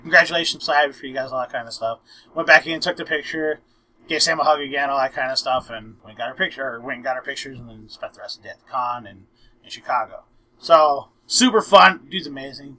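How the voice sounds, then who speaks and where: A man's voice: a little high, fast talker, low-quality recording. A young man hosting a casual podcast, telling a long story and acting out the quotes with lots of "I'm like". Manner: animated, acts out quotes, frequent "I'm like". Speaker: podcast host.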